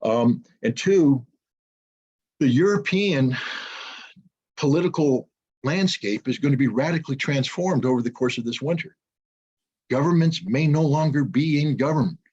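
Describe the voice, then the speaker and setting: Man, interview guest, husky voice, blunt and opinionated, muffled lo-fi audio. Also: mid-range voice, animated, normal speed, pauses often, a little mellow. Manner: blunt, opinionated, repeats words when searching. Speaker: interview guest, military analyst. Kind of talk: unscripted interview commentary.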